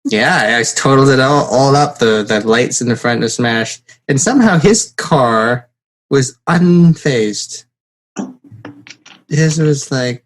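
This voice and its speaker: Male podcast host, casual, lively storyteller who acts out the people in his stories; mid-range voice. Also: mid-range voice. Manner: animated storyteller, acts out quotes. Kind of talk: casual chat.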